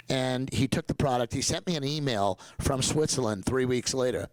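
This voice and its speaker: An older man talks with lots of energy, jumping between points and telling stories as a guest dentist. His voice sits at an ordinary middle pitch. The sound is close and dry. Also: moderate pace, few pauses, no echo, low-quality recording. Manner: energetic, digressive, slips into mock accents for quotes. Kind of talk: enthusiastic conversational storytelling.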